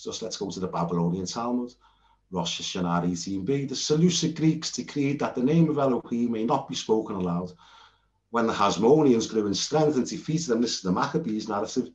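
A British man talks through his notes in an informal, earnest lesson, rambling and often restarting mid-sentence. His voice sits at an ordinary middle pitch. The sound is roomy and somewhat dull, like a lo-fi home recording. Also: a little mellow. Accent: British English. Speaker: Bible teacher. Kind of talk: informal lecture while sharing notes on screen.

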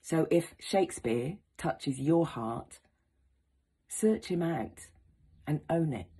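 Husky, low-voiced woman encouraging students. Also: slow. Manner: encouraging, expressive, warm address to young people. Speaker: actor teaching students. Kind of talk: educational talk.

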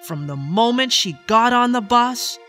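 A woman narrating a children's story in a slow, expressive read-aloud manner. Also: on the high side, soft background music.

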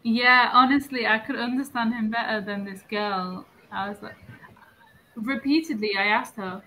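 A woman's voice: mid-range voice, a little slow, pauses often, pushed and bright, slight background noise, rough recording. A young woman from northern England with a neutral English accent, chatting casually as an English tutor on a video call and laughing often.

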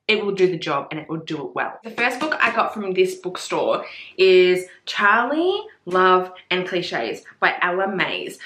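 A woman's voice: mid-range voice, echoey room. A young woman, bubbly and sweary, chatting casually through a book haul vlog. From Australia. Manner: bubbly, sweary, excitable with gasps and squeals. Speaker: book vlogger.

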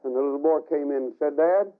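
A man preaching a fiery revival sermon, telling the story dramatically with sudden shouts and hushed asides. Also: fairly high pitch, little pitch movement, fast. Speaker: evangelist. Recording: tinny archival radio broadcast.

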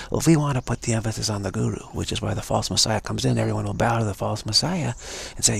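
A man's voice: on the low side, quick pace, gravelly, husky. A man giving an unscripted spiritual talk as its teacher, repeating phrases over and over. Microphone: livestream mic.

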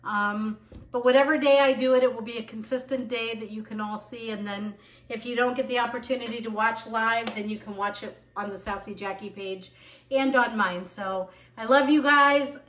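A woman's voice: a little high, fairly even intonation, normal speed, fairly bright tone, echoey room. A middle-aged woman hosting a live home cooking show, bubbly and chatty, laughing at herself as she goes. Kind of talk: live cooking stream, casual chat. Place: home kitchen.

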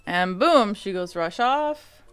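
A woman's voice: medium pitch, lively intonation, slow pace, clean tone. A woman hosting a let's-play, chatting casually and joking through the game. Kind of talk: casual gameplay commentary. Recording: faint game music behind.

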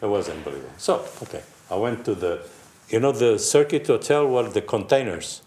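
This older man's racing tale, told casually to panel friends, features acted-out voices, crash noises and lots of laughing. On the low side and a little mellow, his voice is animated and a little fast. Faint hiss and a roomy echo mark the recording.

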